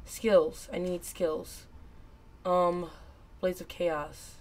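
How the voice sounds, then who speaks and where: A woman streaming a video game live, reacting excitedly and repeating phrases rapidly as she plays. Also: fairly low pitch. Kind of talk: live gameplay commentary. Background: game music.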